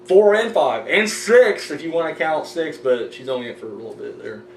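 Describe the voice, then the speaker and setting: A man's voice: on the high side, animated, fairly quick. A man hosting a horror movie review show, chatting casually and rambling with lots of fillers and the odd swear word. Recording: echoey room, mic at a distance, faint hum.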